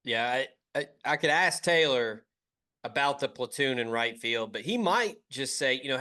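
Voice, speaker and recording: A man hosts a sports podcast and chats in an easygoing, casual way. His voice is bright and forceful. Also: medium pitch, moderate pace, clear, resonant tone. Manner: relaxed, easygoing sign-off patter. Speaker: podcast host.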